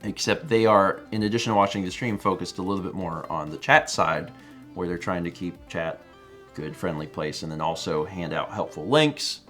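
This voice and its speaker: A man co-hosting a live stream, chatting casually and reading out viewer messages in an animated, playful way. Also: deep voice, normal speed, soft background music. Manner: animated, playful, puts on silly voices when quoting. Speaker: co-host of a live stream show.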